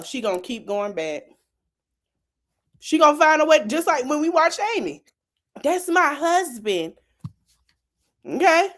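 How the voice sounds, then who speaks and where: Lady podcast host, kinda high voice, laid back slow talk, slangy and laughing a lot. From South Florida. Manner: animated, laughing, slangy and teasing. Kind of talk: casual commentary.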